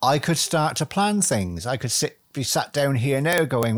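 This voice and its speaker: A man talking to the camera in a casual, reflective monologue. He rambles with lots of fillers and is blunt and earthy, mixing quiet musing with the odd swear word. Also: medium pitch, expressive, unhurried, dry recording. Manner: rambling, conversational, with frequent fillers.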